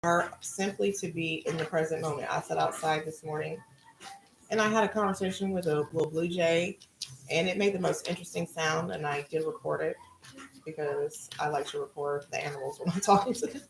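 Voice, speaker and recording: A middle-aged woman musing about spirituality and reading cards in a relaxed, conversational way. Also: low voice, a little fast, vocal fry, reverberant, background noise. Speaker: spiritual card reader. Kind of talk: casual spiritual talk.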